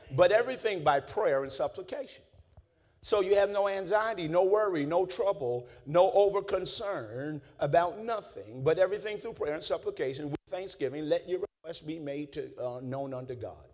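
A male pastor delivers a sermon in a fairly high voice. He drops low and quiet, then climbs into shouts, and keeps asking the congregation to answer back. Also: animated, normal speed. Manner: call-and-response preaching, swings from low and quiet to shouting.

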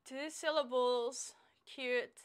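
A woman's voice: high-pitched, steady tone, takes it slowly, smooth. A woman chatting with her viewers while she works out, joking between exercises and winded from the effort. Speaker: fitness vlogger.

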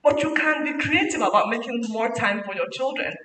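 A woman giving an animated, preachy motivational talk as a guest speaker at a parenting summit. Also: fairly high pitch, a little fast. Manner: animated, preachy, mixing in laughs. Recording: echoey hall from far off, faint noise.

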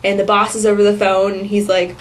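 A woman's voice: medium pitch, level tone, a little fast. A woman vlogging in a casual, chatty monologue, rambling with lots of fillers and giggles.

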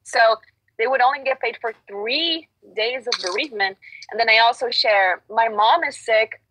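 A woman's voice: on the high side, moderate pace, pushed and bright, a little hiss or hum, poor audio. A woman guest, a grocery union organizer, telling her story in an earnest, frank, casual way with many restarts.

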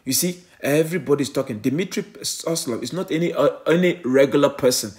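A man's voice: fairly high pitch, a little fast, a little mellow. A man preaching an online sermon in a fervent, repetitive way, often asking "eh?" and addressing listeners as family.

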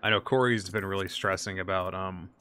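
A man's voice: deep voice, steady tone, brisk, pushed and bright, clean tone. A man streaming an online game, chatting casually with friends, joking and swearing freely. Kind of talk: casual gaming chat over voice call. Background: music.

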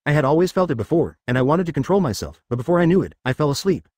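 Male text voice reading a blunt, eager young woman fighter from a machine-read fan story, fast and lively, dry close sound. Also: on the high side, no room sound. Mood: plain. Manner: plain read voice, no change for the role.

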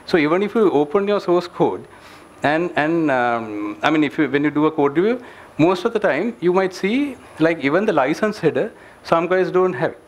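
A man's voice: a little high, very animated, normal speed. A man, an engineering director, giving a presentation at a meetup, speaking earnestly with many fillers and restarts as he gives advice. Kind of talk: conference presentation. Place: meetup venue with an audience.

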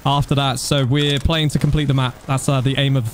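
A young man streaming a game, chatting casually and thanking donors, getting excited at times. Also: mid-range voice, fairly quick. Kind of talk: casual live-stream chat.

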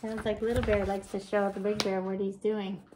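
A woman's voice: mid-range voice, level tone, normal speed, noisy background. A woman reading a picture book aloud to young children, with chatty asides to her listeners. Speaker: storyteller.

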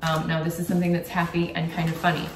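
A woman's voice: fairly low pitch, completely flat delivery, quick pace, recorded from a distance, background noise. Young woman YouTuber, chatty gift-guide vlog, echoey room, faint background ambience. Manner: chatty, candid, with frequent ums. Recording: roomy echo, from off the mic.

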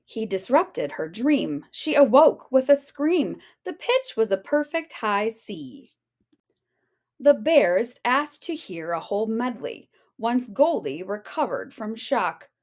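A woman's voice: a little high, very animated, slow, darkish tone. A woman teacher reading a rhyming picture book aloud with a sing-song delivery. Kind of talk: storybook read-aloud.

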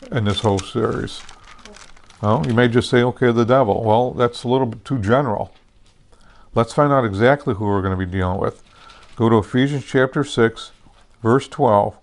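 A man's voice: medium pitch, normal speed, long pauses. Man preaching in a chatty, checking-in way. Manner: conversational, repeats "okay" and "amen" checks with listeners; frequent restarts and self-corrections. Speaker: pastor. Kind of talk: sermon teaching.

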